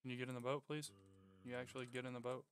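Young man pleading and yelling at his game. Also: mid-range voice, very fast, slight background noise. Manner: pleading and coaxing, bursts of excited yelling. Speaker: gaming YouTuber. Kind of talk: casual gameplay commentary.

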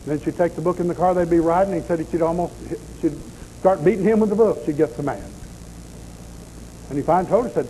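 A man's voice: fairly high pitch, a little fast, mellow, rough recording. A man preaching a deliverance sermon in a folksy, blunt storytelling manner, with faint noise in the background.

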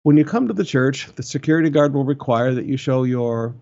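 An older male pastor speaks at a middle pitch with earnest conviction, driving each point home by saying it again. His voice comes through a slightly dull, muffled church livestream recording. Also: lively intonation, brisk, gravelly, warm tone. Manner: earnest, repeats points for emphasis. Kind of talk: sermon and church announcements. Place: church in the Philippines.

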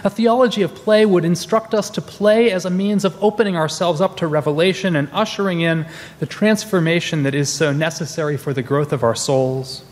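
A man's voice: on the high side, brisk. A man in his forties preaching a sermon as a minister, telling stories in a conversational way with restarts. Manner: conversational storytelling with many restarts. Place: church sanctuary. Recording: long reverb in a large hall.

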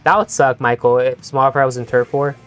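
A young man streaming a game live, talking to his teammates and chat in an excitable, stammering way that repeats itself. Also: medium pitch, fairly quick, soft background music. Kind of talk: live gameplay commentary.

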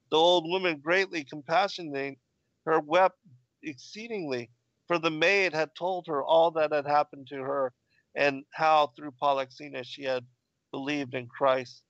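Man, scripted narration of ancient text, fairly high voice, muffled dry sound. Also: fairly even intonation, measured pace, a bit bright, no room sound. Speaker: reader of ancient texts.

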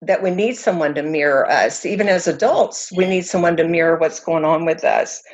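A woman's voice: deep voice, moderate pace, lo-fi sound. Earnest woman counselor explaining. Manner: animated storytelling, earnest. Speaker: counselor guest. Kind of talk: conversational explanation.

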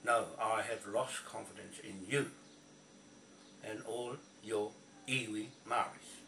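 Here the video blogger's voice is lowish, slow and creaky, with fairly even intonation and a sharp tone. He swears and repeats himself while ranting furiously at the camera in a confrontational way. Captured from afar, the audio echoes and has faint noise.

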